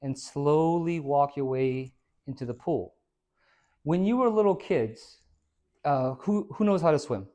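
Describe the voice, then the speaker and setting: A middle-aged man with a voice a little higher than most gives an upbeat fitness talk to a small audience. He tells lively anecdotes, switches voices for the people in his stories, and plays up the jokes. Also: measured pace. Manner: animated storyteller acting out dialogue, jokey. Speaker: fitness coach and speaker. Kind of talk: motivational talk to a small group. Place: hair salon, indoors.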